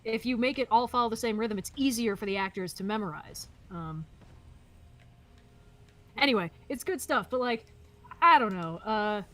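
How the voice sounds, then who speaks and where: A woman co-hosting a casual chat while playing a video game, opinionated and quick to laugh, with a loose, swearing manner. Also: on the high side, expressive, a bit bright. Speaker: co-host.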